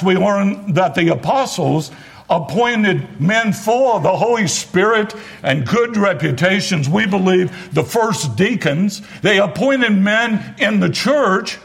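A male pastor delivers a sermon in a high, swooping voice that climbs for emphasis on repeated phrases. His tone is gravelly and a little husky. He speaks slowly and deliberately. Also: fairly bright tone. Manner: preaching with emphatic rising repetitions and asides.

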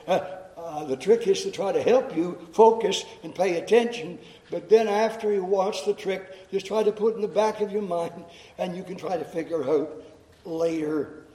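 A man preaching in chapel to students, explaining slowly and deliberately and repeating phrases for emphasis. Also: sits high, dark tone. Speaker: chapel speaker. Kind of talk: sermon to students. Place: chapel hall. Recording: echoey chapel hall.

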